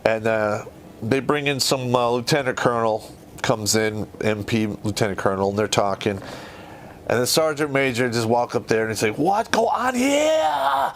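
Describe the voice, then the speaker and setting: A man's voice: fairly low pitch, normal speed, a little hiss or hum. A man hosting a podcast who tells stories in a casual, rambling way and swears heavily. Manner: profane, rambling and conversational. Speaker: podcast host. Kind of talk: casual storytelling.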